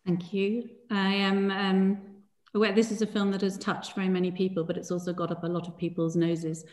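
A woman hosting a film talk, speaking in a formal, measured way. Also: mid-range voice, level tone, a little mellow. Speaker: event host. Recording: echoey room.

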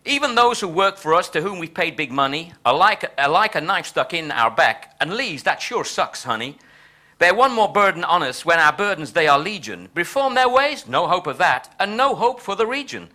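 A gloating Texan president with a put-on drawl, as a man reads him aloud. The voice is bright and lively and bounces high and low in boastful, folksy verse. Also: moderate pace, full character voice. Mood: swaggering. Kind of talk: dramatic reading of translated verse.

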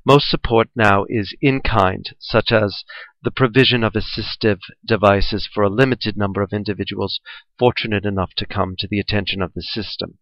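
Low-voiced man reading a formal report. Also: no echo. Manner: measured, formal, even delivery. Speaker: reader of a report. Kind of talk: scripted reading of a research article. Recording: dull, dry, lo-fi recording.

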